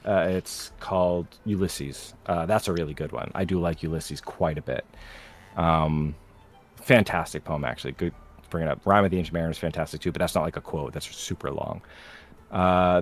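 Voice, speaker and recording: A man from New England, with only a faint trace of that accent, telling stories and answering questions in a casual livestream chat. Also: deep voice. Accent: faint New England, mostly neutral. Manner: animated storyteller, acts out quotes. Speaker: host.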